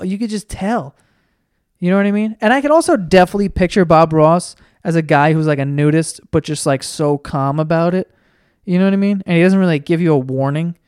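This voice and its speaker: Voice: medium pitch, smooth, no room sound, studio quality. Profane rambling comedy podcaster. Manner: rambling, profane, animated storytelling. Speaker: podcast host. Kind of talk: comedic monologue.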